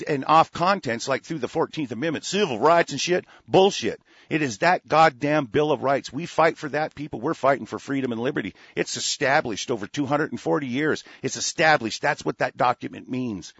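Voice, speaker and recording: A man's voice: on the high side, creaky, a bit bright, breathy edge, dry recording, dull audio. A man hosting a talk radio show, delivering a rambling, profane, heated monologue.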